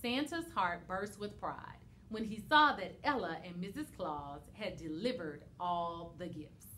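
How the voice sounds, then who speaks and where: A woman teacher reading a holiday storybook aloud to young children, expressive and animated. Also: fairly low pitch, measured pace, a little hiss or hum.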